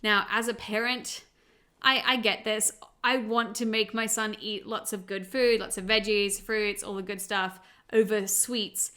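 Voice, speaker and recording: A woman's voice: medium pitch, flat delivery, a little slow, bright, forceful tone. An Australian woman, a parent, chatting in an upbeat way as she breaks down a cartoon episode. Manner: chatty and upbeat, laughs easily. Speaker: show reviewer and parent. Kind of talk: casual episode breakdown vlog.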